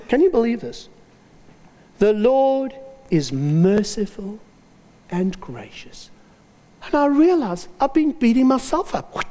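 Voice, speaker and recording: A man preaching a sermon, telling personal stories with dramatic pauses and lively emphasis. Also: extremely high pitch, in a large hall.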